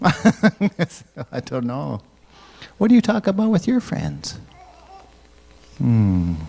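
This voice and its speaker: A man leading a church children's message, gently asking the kids questions and waiting for their answers. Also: medium pitch. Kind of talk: children's sermon.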